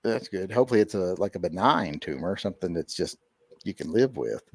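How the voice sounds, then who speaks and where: A man hosts a casual livestream, cracking jokes and rambling through viewer messages with plenty of uhs. His pitch swings widely and lively. The sound is dry and close. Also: fairly quick, no echo. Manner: joking, rambling with many fillers. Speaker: livestream host. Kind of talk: casual livestream chat reading super chats.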